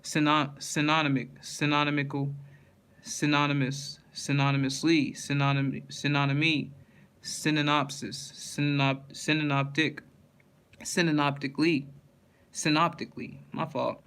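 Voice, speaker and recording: Flat, slow man reading a word list. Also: fairly high pitch, clean tone. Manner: reads words one by one, with frequent slips and restarts.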